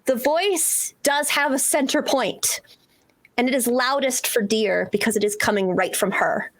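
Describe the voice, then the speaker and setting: A woman with a fairly high voice narrates as game master of a tabletop game. She paints each scene slowly and in detail, with an easy, unhurried manner. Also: fairly bright tone. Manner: descriptive, unhurried, laughs easily.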